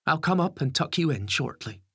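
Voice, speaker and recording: A man voicing a caring, gently firm mother with dry wit in an audiobook. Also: on the high side, lively intonation, fairly quick, gravelly, husky, no room sound, pitched above the performer's own voice, full character voice. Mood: tender. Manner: soothing, teasing. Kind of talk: audiobook character voice.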